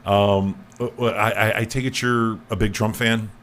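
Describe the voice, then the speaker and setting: A man's voice: fairly low pitch, steady tone, moderate pace, a bit bright, slight background noise. A man hosting a comedy podcast, stammering and repeating words as he jokes crudely with his guests. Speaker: podcast host. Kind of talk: loose comedic podcast banter.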